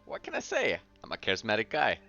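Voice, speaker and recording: A man's voice: lowish voice, huge pitch swings, fast, creaky, pushed and bright, soft background music, heavily acted. A man voicing a self-assured adventurer who talks in an offhand, laid-back way, a little away from the mic on a muffled recording. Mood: smug.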